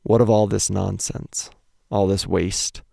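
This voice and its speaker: Bewildered grieving fish, read by a deep-voiced man. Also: fairly even intonation, creaky, warm tone, breathy edge, dry recording, clean studio sound, full character voice. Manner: slow, bewildered pleading questions. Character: troubled fish in polluted seas.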